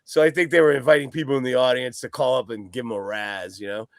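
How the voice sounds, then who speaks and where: This man speaks fast in a steady, medium-pitched voice, captured in studio quality with no echo. A guest on a podcast from the East Coast of the US, he chats loosely about a record, wandering off topic, swearing, and laughing frequently.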